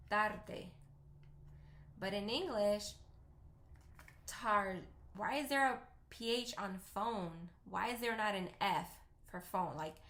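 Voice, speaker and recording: Her voice is medium in pitch and fairly bright as she talks into her camera at home during a makeup tutorial. She's a native Spanish speaker in her thirties with a Spanish accent, chatty, rambling and self-deprecating, and the camera mic picks up roomy echo.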